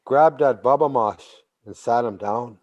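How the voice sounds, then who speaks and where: A man telling a traditional story slowly, repeating phrases and bursting into sudden animated emphasis. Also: mid-range voice, dull audio. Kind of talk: oral storytelling.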